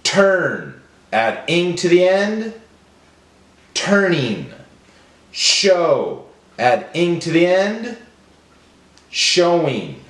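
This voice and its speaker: A man leading a phonemic awareness drill for children, stretching each word out slowly and clearly. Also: fairly high pitch, echoey room. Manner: slow, drawn-out, deliberate enunciation. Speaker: teacher.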